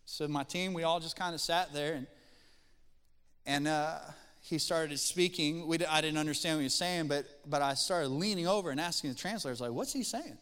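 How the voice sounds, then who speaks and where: Man, sermon storytelling, smooth clear voice, slightly high pitch. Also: fairly quick, in a large hall. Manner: folksy, animated storyteller. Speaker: pastor.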